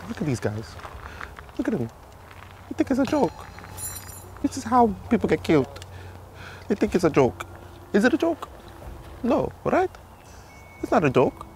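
Man doing a jumpy cowardly Luigi, lively swooping voice, rambling comic panic. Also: on the high side, slight background noise. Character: jittery cowardly adult male plumber Luigi. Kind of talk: comedy skit role-play. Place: outdoors in a village.

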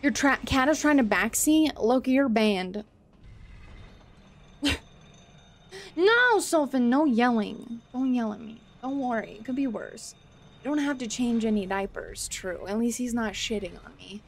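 A woman's voice: fairly high pitch, unhurried, a little hiss or hum. A woman streamer chatting casually while gaming, swearing freely, exasperated and laughing often as she answers her chat.

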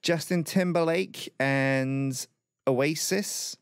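A man's voice: fairly high pitch, drawn-out words, clean tone, no echo, studio quality. A young man bantering with friends during a game, joking and sardonic. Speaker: gamer co-host. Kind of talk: casual chat while gaming.

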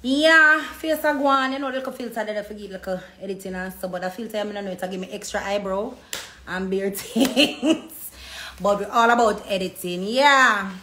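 A woman's voice: medium pitch, moderate pace. A woman with a Jamaican accent chatting casually on a phone livestream from a hair salon. She tells stories in patois and acts out the voices of the people she quotes. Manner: animated storytelling in patois, acting out quoted voices. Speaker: social media personality. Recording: echoey room with faint background noise.

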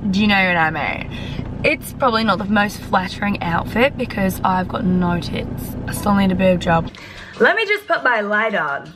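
A woman's voice: mid-range voice, lively intonation, normal speed, background noise. A young woman vlogging casually to camera, chatty, blunt and sweary, laughing easily. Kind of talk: casual vlog chat to camera.

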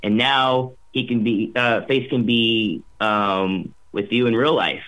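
A man's voice: mid-range voice, fairly even intonation, slow, fairly bright tone, poor audio. A young man, a voice actor, chatting upbeat in an interview, rambling with lots of fillers and restarts. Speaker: voice actor guest. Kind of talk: casual interview chat.

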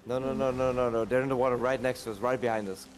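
A man giving orders to his crew during a game, excited and swearing. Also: mid-range voice, fast talker. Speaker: gaming crewmate. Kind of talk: casual gaming chat. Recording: noisy game audio behind.

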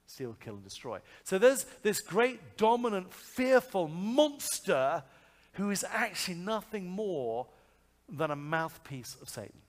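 A man preaching a sermon, telling a story in a lively, conversational way full of asides and rhetorical questions. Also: high voice, measured pace. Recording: long hall reverb.

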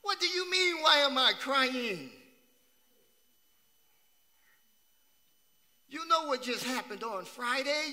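A man's voice: extremely high pitch, sharp tone, voice pushed up, exaggerated voice. A preacher voicing Mary, a grieving bewildered woman. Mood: exasperated. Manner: pleading, exasperated. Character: grieving woman disciple, young adult, bewildered. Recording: long church hall reverb.

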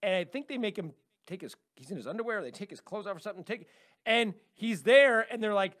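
A man co-hosting a podcast, telling stories at a quick clip and acting out the people in them. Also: high-pitched, expressive, fairly bright tone, dry recording, studio quality. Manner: fast storytelling, acts out the people in his stories. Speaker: podcast co-host. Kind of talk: casual podcast chat.

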